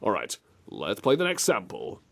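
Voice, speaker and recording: Lively jokey man. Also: fairly low pitch, normal speed, gravelly. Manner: jokey, laughs often, slips into silly voices. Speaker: show host. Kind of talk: comedic commentary chat.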